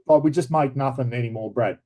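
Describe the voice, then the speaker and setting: A man's voice: medium pitch, brisk, warm tone, low-quality recording. A middle-aged Australian man hosting a casual chat, rambling and blokey, throwing in "mate" and "bloody" all the time. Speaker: livestream host.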